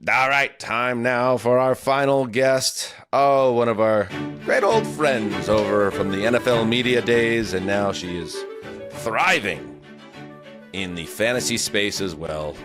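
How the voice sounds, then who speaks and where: A man's voice: medium pitch, a little slow, over music. A man hosting a football podcast, joking and teasing his guests. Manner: jokey, playful teasing. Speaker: podcast host. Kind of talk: casual podcast chat.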